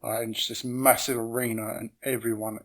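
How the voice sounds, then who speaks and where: A man's voice: mid-range voice, little pitch movement, a little fast. Man chatting casually about raves. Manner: enthusiastic, swears often. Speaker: guest, house DJ. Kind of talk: casual chat.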